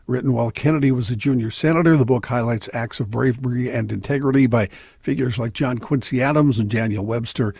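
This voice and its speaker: A man reading news items on a talk radio show in a steady, measured way. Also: mid-range voice, gravelly, breathy edge.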